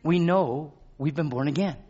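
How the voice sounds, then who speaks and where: A man preaching a sermon, repeating phrases and swinging from hushed tones to shouts. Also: fairly high pitch, normal speed, husky, lo-fi sound.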